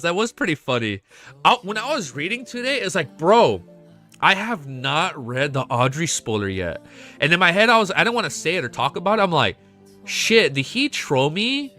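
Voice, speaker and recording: A man hosting a casual livestream chat, excitable and swearing freely, his voice jumping between high and low. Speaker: livestream host.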